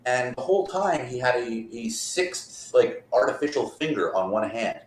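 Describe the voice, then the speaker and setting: A man's voice: mid-range voice, sing-song, normal speed. Laid-back man rambling in a roomy space. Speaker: guest magician. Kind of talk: casual interview chat. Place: borrowed rental apartment. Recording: roomy echo.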